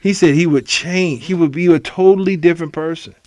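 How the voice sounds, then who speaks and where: A man's voice: fairly high pitch, brisk, darkish tone, no echo. A man co-hosting a podcast in casual chat, telling stories and acting out voices. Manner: storyteller who acts out voices. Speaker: podcast co-host.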